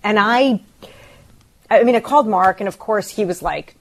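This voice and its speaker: A middle-aged woman on a radio show sounds rattled and emotional. She stumbles and restarts often as she talks. Her pitch sits in an ordinary middle range for a woman. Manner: shaken and emotional, halting restarts. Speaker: radio co-host. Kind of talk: casual radio talk.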